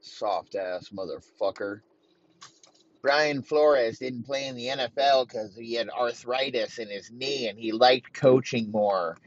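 Brief: a male sports-show host ranting and cursing at length; he rambles, his pitch is middling, and the recording sounds dull and lo-fi. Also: steady tone, measured pace, hardly any pauses. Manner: rambling, heavy swearing. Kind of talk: profane sports rant.

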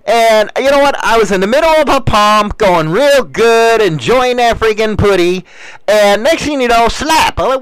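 A man's voice: very high-pitched, animated, normal speed, fairly bright tone, smooth, no room sound, poor audio. An older man hosting a show, delivering a blunt, crude, ranting monologue in casual talk.

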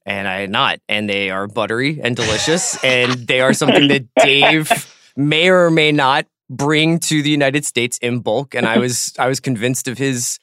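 Male guest, bright forceful voice, jokey banter, dry studio. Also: mid-range voice, moderate pace, smooth, dry recording. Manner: joking, teasing. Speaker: editorial director, guest. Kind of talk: casual podcast banter.

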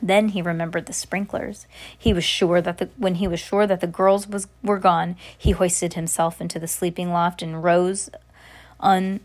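A woman reading a novel aloud, narrating at a steady pace with occasional slips and restarts. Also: fairly low pitch, moderate pace. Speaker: reader.

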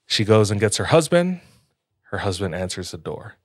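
A man's voice: fairly low pitch, sing-song, normal speed, dry recording, studio quality. A young man casually telling a spooky story on a podcast, laid-back with lots of filler words.

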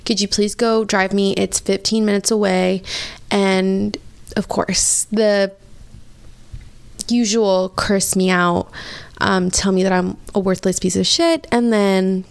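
A woman's voice: medium pitch, fairly even intonation, moderate pace, creaky. A young woman in her twenties hosting a podcast, telling a personal story candidly and emotionally with many "like" fillers. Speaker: podcast host.

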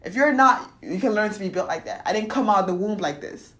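A young woman vlogging a blunt, profane motivational monologue, swinging between loud ranting and quiet confession. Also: medium pitch, animated, fast talker.

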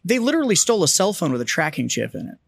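A man in a casual podcast chat, teasing his friends with quick profane quips. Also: sits high, sing-song, gravelly, no echo. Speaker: podcast co-host. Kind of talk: casual banter.

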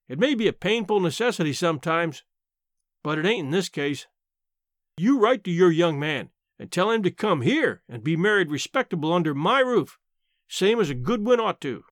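A man reading the part of a blunt, plainspoken elderly aunt who talks in a sharp, matter-of-fact and grumbling way. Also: sits high, sing-song, normal speed, dry recording, studio quality. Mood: scolding, practical.

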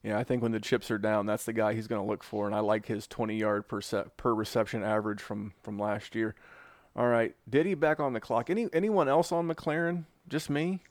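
A man hosting a casual podcast mock draft, teasing the other analysts in quick banter. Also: lowish voice, steady tone, dry recording. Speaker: host running a mock draft.

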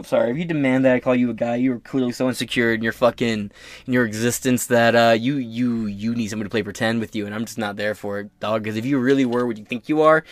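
A man's voice: mid-range voice, no echo. A man hosting a podcast, ranting bluntly with constant swearing and mocking asides. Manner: blunt, crude, heated, mocking. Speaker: podcast host. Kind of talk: profane opinion rant.

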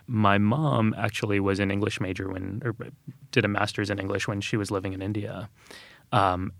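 A man from Texas, appearing as an interview guest, tells personal stories in an earnest, reflective way, with lots of filler words. His voice is lowish and a bit bright with vocal fry, and the recording has no room sound.

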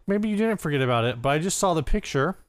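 A man's voice: a little high, expressive, fast talker. A man co-hosting a podcast in casual chat, joking and teasing his partner. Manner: jokey, teasing banter. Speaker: podcast co-host.

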